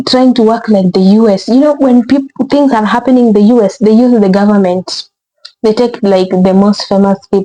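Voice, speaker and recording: A woman's voice: medium pitch, warm tone, poor audio. Exasperated woman reacting to clips. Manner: rambling, exasperated, repeats words, says bruh. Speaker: reaction video host. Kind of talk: casual reaction commentary.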